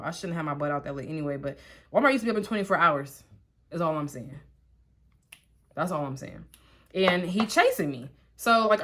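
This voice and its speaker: Young woman vlogger, chatty storytime, lively slang, acts out quotes. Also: medium pitch. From Columbus, Ohio. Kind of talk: storytime while getting ready.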